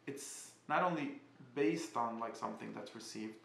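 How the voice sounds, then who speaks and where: A man giving a casual spoken class, halting and often restarting as he searches for words. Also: mid-range voice, gravelly, fairly bright tone, reverberant. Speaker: teacher.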